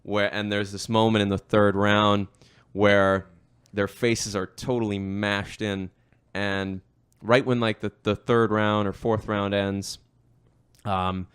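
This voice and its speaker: A man's voice: fairly low pitch, flat delivery, slow pace, fairly bright tone, smooth. A young man hosting a casual conversation, rambling through stories with frequent fillers and restarts. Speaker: host.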